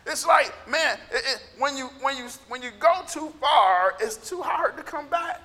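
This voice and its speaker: A man preaching a sermon as pastor, with a scratchy, gravelly voice and impassioned bursts of shouting. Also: very high voice, expressive, normal speed. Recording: echoey hall reverb.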